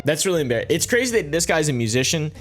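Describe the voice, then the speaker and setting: Sarcastic man with lively pitch. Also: quick pace, music in the background. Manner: mocking, sarcastic, profane. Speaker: commentator. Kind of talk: reaction video commentary.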